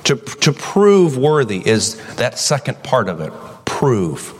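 Middle-aged guy preaching, folksy and animated, mid voice, big echoey church hall. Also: slow, slightly rough. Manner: animated, folksy storytelling with sudden high-pitched acted quotes. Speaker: pastor. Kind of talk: sermon. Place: church sanctuary. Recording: long hall reverb.

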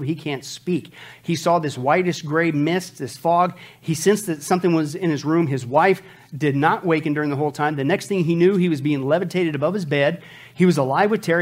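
A man preaching a sermon as pastor, emphatic, throwing rhetorical questions at the congregation and dropping from loud bursts to quiet asides. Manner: swings from loud outbursts to low asides.

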